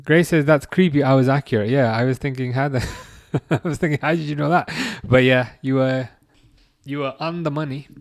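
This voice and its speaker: A man in his thirties hosting a live stream, chatting casually and reading out viewer comments with halting restarts and dry jokes. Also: medium pitch, no echo. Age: 30s.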